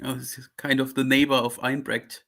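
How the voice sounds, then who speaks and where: A male guest on a livestream who is feeling unwell tonight. He jokes in a dry, low-key way. His voice sits at an ordinary pitch. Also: flat delivery, a little fast, vocal fry, fairly bright tone. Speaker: show guest. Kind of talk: casual livestream chat.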